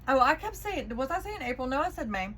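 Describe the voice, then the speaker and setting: A woman's voice: high voice, big pitch swings, quick pace, a bit bright, poor audio. A woman giving a chatty, encouraging spiritual tarot reading, often checking in with the listener. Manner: encouraging, chatty, keeps asking "okay?". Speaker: tarot reader.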